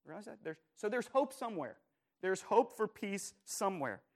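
A male pastor delivering a sermon in a voice pitched a little above the usual. He preaches earnestly, leaning hard on key words, then sinking to hushed phrases. He keeps putting questions straight to his listeners. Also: big pitch swings, normal speed. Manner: earnest, emphatic, asks the congregation repeated questions; swings from loud emphasis to soft, quiet phrases.

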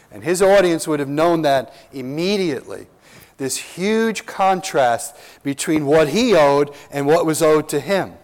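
A man preaching a verse-by-verse sermon in a slightly high voice. His delivery is unhurried and earnest. He leans hard on key words and keeps asking his listeners questions. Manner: earnest, emphatic, with slow drawn-out stresses and rhetorical questions. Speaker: pastor. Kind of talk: expository sermon.

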